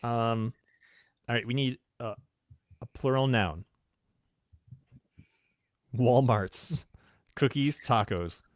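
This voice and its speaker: A man's voice: mid-range voice, takes it slowly, long pauses, dry recording, studio quality. A man co-hosting a casual podcast livestream, hesitating with lots of ums and laughing often. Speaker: podcast co-host. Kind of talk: casual livestream chat, word game.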